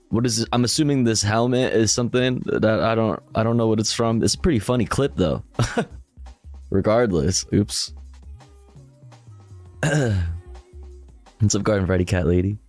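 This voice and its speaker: A man's voice: on the low side, normal speed, long pauses, a little mellow, faint music behind. Laid-back, crude man streaming late at night. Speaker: streamer reacting to clips. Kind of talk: casual livestream chat.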